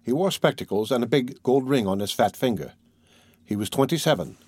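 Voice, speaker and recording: A man reads a classic novel aloud as an audiobook narrator. His reading is measured and unhurried, at a middle pitch. The recording is dry and close, with no room sound. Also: expressive, a little mellow, dry recording.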